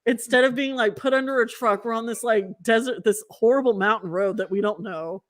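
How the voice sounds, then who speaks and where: A woman in her forties with a fairly high voice, telling a story in a casual chat. She is animated and profane, and she quotes herself and others as she goes. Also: fairly quick, no room sound, studio quality. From Southern California. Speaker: podcast host.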